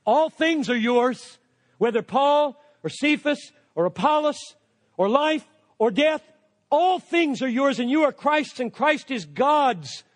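An older man preaches with a high, ringing voice that carries a long reverb through a big hall. He drives his points with emphatic declarations, then drops into quiet, conversational asides. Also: animated, takes it slowly. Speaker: pastor. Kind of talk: sermon.

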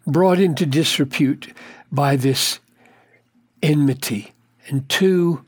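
An older man teaches through a scripture passage in a slow, deliberate way, pressing on key words with earnest weight. His voice sits a little high for a man. The sound is dry and close, with no room around it. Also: husky, no room sound. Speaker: pastor. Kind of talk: Bible teaching talk.

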